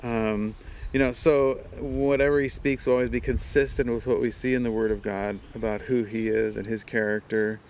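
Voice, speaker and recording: A man's voice: mid-range voice, fairly even intonation, moderate pace, a little mellow, a little hiss or hum. A man from Hawaii, a pastor and speaker, telling stories in a casual interview, chatty and laughing often. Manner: chatty, with frequent laughs and "you know" fillers.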